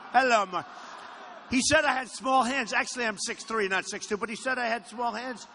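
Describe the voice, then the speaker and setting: A man's voice: very high-pitched, brisk, pushed and bright. A man giving a rally speech in a hangar, boastful and rambling, often repeating his phrases. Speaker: presidential candidate at a campaign rally. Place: aircraft hangar with a crowd. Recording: echoey hangar, faint background noise.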